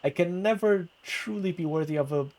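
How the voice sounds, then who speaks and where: A man voicing a bumbling, lovestruck young male bard who stammers and talks in a higher, flustered voice. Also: normal speed, darkish tone, natural voice. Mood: pleading.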